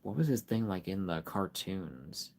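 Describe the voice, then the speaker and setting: A man with a somewhat low voice hosts a casual live stream. He rambles easily, reads items aloud and talks straight to viewers in chat, with plenty of ums and likes. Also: lively intonation, a little slow, a little mellow. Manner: rambling, filler-heavy, reads product card aloud; chats directly with viewers in chat.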